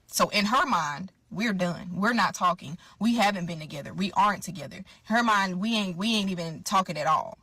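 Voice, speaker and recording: A woman telling a personal story in an animated way, repeating herself for emphasis and calling her viewers y'all. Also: lowish voice, normal speed, few pauses, husky, no room sound. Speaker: storyteller in a clip.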